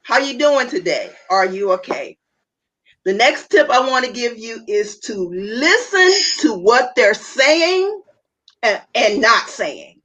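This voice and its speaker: A woman's voice: fairly high pitch, lively intonation, slow, a bit bright, low-quality recording. A woman speaking as a panel guest over a video call. She talks earnestly, repeats her key phrases and restarts often. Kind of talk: earnest advice talk.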